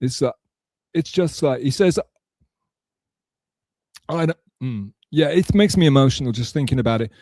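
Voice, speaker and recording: A man's voice: mid-range voice, lively intonation, moderate pace, pauses often, darkish tone, no room sound, clean studio sound. A man hosting a livestream, rambling and swearing casually to his chat, often correcting himself mid-sentence. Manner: rambling, profane, self-correcting. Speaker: livestream host.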